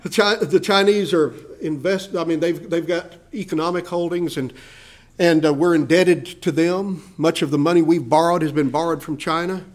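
Male pastor, sermon, animated, voices quoted people, fairly high pitch. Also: normal speed. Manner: animated preaching, voicing quoted people with rises in pitch and volume.

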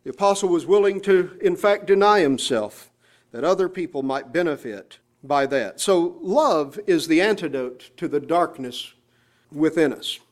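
A man preaching a sermon in church, emphatic, drawing out key phrases slowly. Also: a little high, expressive. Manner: emphatic, slows down on scripture phrases.

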